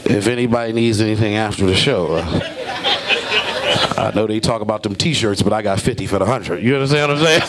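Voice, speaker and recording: A man doing a stand-up comedy set, jokey and animated, acting out characters in loud bursts. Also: lowish voice, a little fast, background noise. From Brooklyn, New York.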